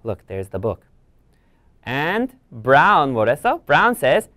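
Animated woman teacher reading a storybook. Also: a bass voice, fairly quick, long pauses, no echo, studio quality. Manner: animated, gasping, bilingual explaining. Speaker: English teacher. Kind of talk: reading a picture book aloud for children.

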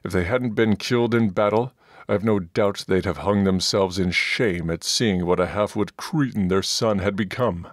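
A man voicing a gruff, bullying male dwarf priest in an audiobook, scornful and pompous. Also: lowish voice, moderate pace, no room sound, studio quality, natural voice.

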